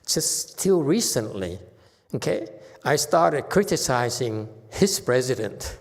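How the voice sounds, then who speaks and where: Animated monk telling stories in a hall. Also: male voice, mid-range voice, slow pace. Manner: animated, repetitive, keeps asking "okay?". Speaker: Buddhist monk and teacher. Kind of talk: dharma lecture, anecdotal storytelling. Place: temple lecture hall. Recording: reverberant hall.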